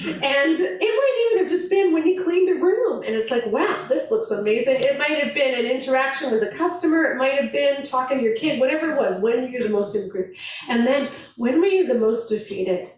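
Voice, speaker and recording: A woman giving a lively, chatty talk to a live audience, laughing often and acting out little quotes. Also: high-pitched, brisk. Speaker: event speaker on marriage. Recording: echoey hall from a distant mic.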